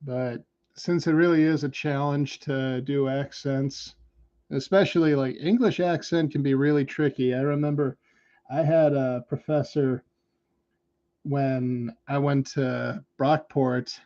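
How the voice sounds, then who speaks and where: An American man chats on a hobby livestream, musing aloud and poking fun at himself while he works. His voice is mellow and relaxed, at an average pitch. The stream audio is dull and lo-fi. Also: a little slow. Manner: self-deprecating, chatty, musing aloud while working. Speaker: streamer painting miniatures. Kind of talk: casual livestream chat.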